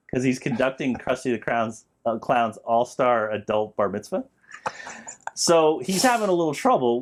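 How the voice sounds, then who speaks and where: A man who writes comedy, a guest on a casual podcast, telling a showbiz story with lots of laughs and acted-out quotes. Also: medium pitch. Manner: animated, laughs often, acts out quotes.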